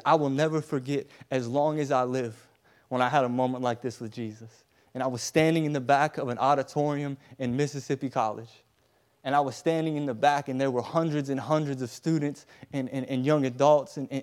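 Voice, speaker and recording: Earnest male preacher, mid-pitched, rises then turns hushed. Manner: earnest, repetitive and building; drops to soft, hushed tones at moments. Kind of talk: sermon.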